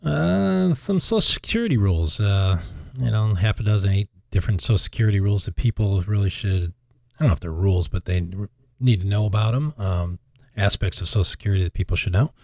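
A man hosting a finance talk show, relaxed and making dry jokes. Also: on the low side, quick pace, gravelly, dry recording. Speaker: radio show host. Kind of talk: casual chat.

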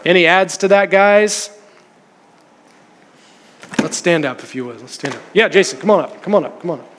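A man with a high voice preaches to a congregation, moving easily between teaching and personal stories. His words ring with the long reverb of a church hall. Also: lively intonation, normal speed, a bit bright, a little hiss or hum. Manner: storytelling, conversational preaching. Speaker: pastor. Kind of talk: sermon.

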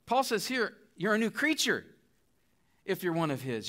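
Middle-aged male guest preacher, bright, slightly high voice, earnest sermon delivery. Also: sing-song, moderate pace, long pauses. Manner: earnest, pleading appeals with rising emphasis.

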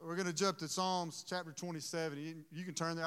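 Male pastor, sermon. Emotional, halting delivery. Smooth, clear tone carrying through a reverberant church hall. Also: a little high, fairly even intonation, fairly bright tone. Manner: earnest, emotional, halting restarts.

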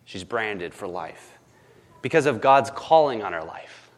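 Chatty pastor, emphatic and rambling. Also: male voice, on the low side, lively intonation, a little slow. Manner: chatty and emphatic, often asking "right?"; lots of ums and false starts. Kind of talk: conversational sermon.

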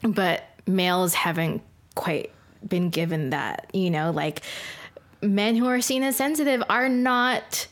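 A woman co-hosting a podcast who talks in a halting casual way full of fillers. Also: medium pitch. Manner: halting, lots of "like" and "you know" fillers. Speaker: podcast co-host. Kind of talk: casual chat.

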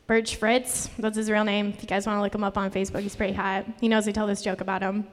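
A woman's voice: medium pitch, steady tone, fast talker. A young woman doing a live stand-up set, nervous and rambling, self-deprecating, with a voice that always sounds on the verge of tears. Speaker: stand-up comedian. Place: live comedy venue. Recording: live room with long reverb.

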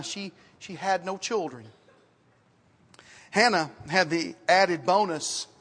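A man preaching a sermon as pastor, in a conversational style, repeating words and dropping to quiet asides. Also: sits high. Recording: reverberant hall, sometimes off mic.

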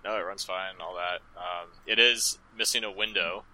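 A man's voice: low voice, steady tone, moderate pace, crowd noise, poor audio. A young man co-hosting a casual podcast, laid-back and laughing often as he tells a story. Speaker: podcast co-host. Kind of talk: casual comedic podcast chat.

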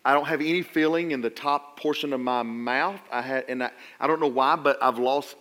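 A middle-aged man, a pastor, preaching a sermon and telling a personal story with stammered restarts before building to loud, emphatic appeals. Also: mid-range voice, moderate pace.

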